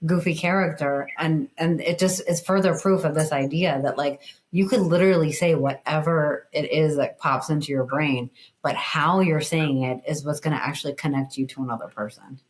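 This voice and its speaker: A woman talking as a guest in a casual interview, explaining her points in an animated, emphatic way with plenty of "like". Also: sits low, normal speed, poor audio. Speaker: guest, communication educator.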